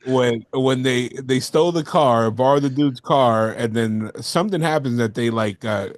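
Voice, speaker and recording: A man guesting on a casual movie podcast, excitable and quick to laugh. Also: medium pitch, no room sound, clean studio sound. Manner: excitable, laughs often, does loud voices in stories.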